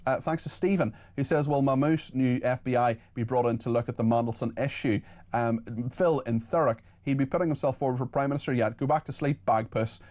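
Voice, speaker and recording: A man hosting a radio phone-in, briskly reading out listener messages and talking with callers. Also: mid-range voice, a little mellow. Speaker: radio host.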